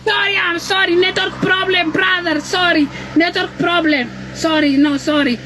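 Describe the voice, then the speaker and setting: A man from South Africa chatting on a live stream in halting broken English, repeating words as he goes. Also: very high voice, fairly even intonation, noisy background. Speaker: livestream host. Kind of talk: casual live-stream chat.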